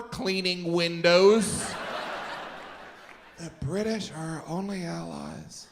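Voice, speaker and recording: A man's voice: fairly high pitch, noisy background. A male stand-up comedian on a theater stage, with incredulous, mock-indignant delivery into a handheld mic. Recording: reverberant theater with crowd laughter.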